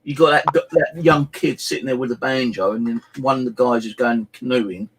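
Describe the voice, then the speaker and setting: A man's voice: mid-range voice, fairly even intonation, moderate pace, background noise. A middle-aged man chatting casually on a live stream, rambling through stories and swearing freely. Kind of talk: casual chat.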